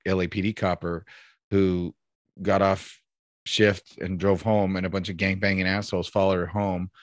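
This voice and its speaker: A man's voice: low-pitched, flat delivery, moderate pace, no room sound, studio quality. A man in casual podcast chat, rambling and profane, with emphatic bursts.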